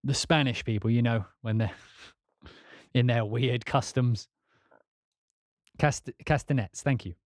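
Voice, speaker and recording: A man hosting a casual live-stream, chatting and rambling while demoing music software. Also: mid-range voice, unhurried, pauses often, no echo, studio quality. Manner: chatty, rambling, laughs often. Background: music playing.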